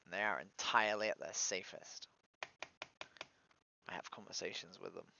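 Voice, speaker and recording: A man's voice: deep voice, fairly even intonation, moderate pace, creaky, sharp tone, muffled recording, slight background noise. A man streaming alone, upset and weary, venting his frustration in a despondent monologue that swears and trails off into mutters.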